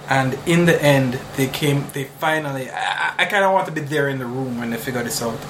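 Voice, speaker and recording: A man's voice: mid-range voice, a bit bright, a little hiss or hum, rough recording. A man co-hosting a casual podcast chat about movies, laughing often between remarks. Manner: laughs often, drawn-out jokey delivery. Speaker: podcast co-host.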